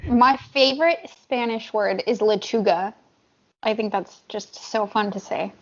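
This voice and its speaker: A woman co-hosting a podcast in a relaxed, chatty way. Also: mid-range voice, measured pace, muffled recording. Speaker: podcast co-host. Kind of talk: casual chat.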